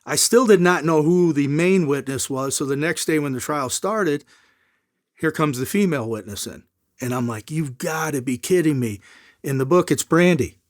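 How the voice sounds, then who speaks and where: A middle-aged man telling a long story as an interview guest, in a casual, animated way, acting out the people in it. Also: a little high, moderate pace, no echo, clean studio sound.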